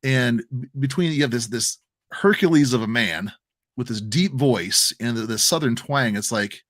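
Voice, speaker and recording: A man's voice: mid-range voice, normal speed, a bit bright, no echo. A man from the American Midwest, co-hosting a crypto livestream, telling an emotional story with many restarts and repeated words. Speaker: crypto stream co-host. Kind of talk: casual livestream chat.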